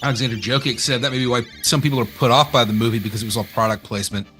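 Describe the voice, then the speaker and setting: A man with an East Texas accent, co-hosting a casual game stream, reading chat aloud and joking with a lively, laughing manner. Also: mid-range voice, racing, soft background music. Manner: animated, jokey, laughs often, reads chat aloud.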